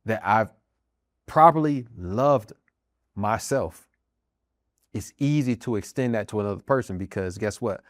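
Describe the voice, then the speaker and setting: A man's voice: on the low side, dry recording, clean studio sound. A middle-aged American man and army veteran sharing his own story in an earnest, emphatic way, driving home key phrases by repeating them. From United States. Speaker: podcast host, army veteran and minister. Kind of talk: personal testimony talk.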